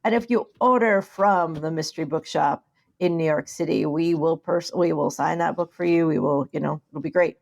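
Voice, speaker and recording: A woman co-hosting a podcast, talking about her books and the news in a wry, deadpan, playful way. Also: low-pitched, normal speed, creaky. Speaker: podcast co-host and author. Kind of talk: casual podcast chat.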